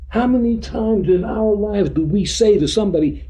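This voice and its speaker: Male teacher, dark mellow tone, blunt slangy delivery, pitched a bit high. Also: moderate pace, hardly any pauses. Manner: blunt streetwise slang, acts out dialogues. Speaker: spiritual teacher. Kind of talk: informal teaching talk to a group. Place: meeting room.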